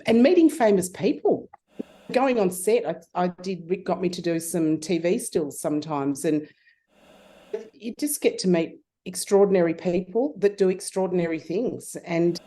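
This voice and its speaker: A middle-aged woman telling stories in a casual interview, acting out the voices of people in her stories. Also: moderate pace. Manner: animated storyteller, acts out voices with big pitch jumps. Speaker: guest.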